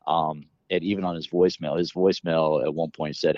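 Very deep-voiced man, rambling guest. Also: flat delivery, a little fast, a little mellow, no room sound, highs cut off. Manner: rambling, frequent restarts. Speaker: podcast guest, fitness educator. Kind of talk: casual interview conversation.

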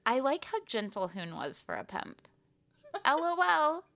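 A woman's voice: high voice, big pitch swings, unhurried, creaky, fairly bright tone. A woman co-hosting a chat show who throws in dry, teasing remarks. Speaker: podcast co-host. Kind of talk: casual chat.

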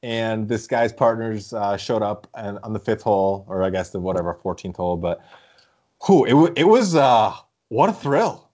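Young male co-host, slightly low voice, casual rambling storyteller with laughs. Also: animated, moderate pace, a little mellow. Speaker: podcast co-host. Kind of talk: casual chat.

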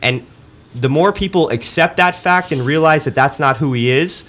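A man co-hosting a sports podcast, analyzing basketball in a measured, steady way. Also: a little high. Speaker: podcast producer, co-host.

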